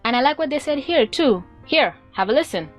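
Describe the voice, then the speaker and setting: A woman's voice: high voice, animated, fairly quick, soft background music. A woman giving sarcastic, casual commentary for her video, swearing freely. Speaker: YouTube commentator.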